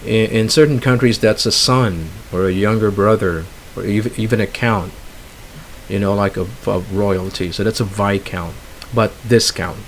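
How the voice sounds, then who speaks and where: Low-voiced man teaching English pronunciation. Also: a little slow. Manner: relaxed, explains with fillers and asides. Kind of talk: casual online lesson. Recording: faint hiss.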